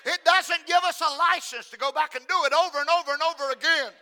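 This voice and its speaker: Man, sermon, very high voice, piercing bright tone, shouts then hushes, repeats for emphasis. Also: quick pace. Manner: swings from shouting to hushed near-whispers. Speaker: preacher.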